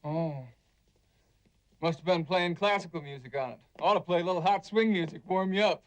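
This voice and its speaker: A man's voice: sits high, normal speed, lightly acted. An actor playing a breezy, joking young man in a 1950s film. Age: young adult. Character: breezy, cocky young man who jokes easily. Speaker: gentleman caller.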